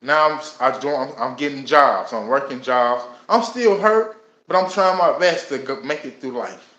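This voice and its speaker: A man in his thirties telling his own life story in a casual, animated way, acting out what he and others said. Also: medium pitch, moderate pace, lo-fi sound. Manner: casual and animated, with many laughs and voiced asides. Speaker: host. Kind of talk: personal storytelling. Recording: echoey room.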